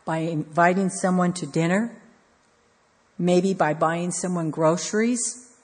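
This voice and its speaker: A woman preaching an earnest, measured devotional sermon with repeated emphasis. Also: on the low side, darkish tone. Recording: long hall reverb.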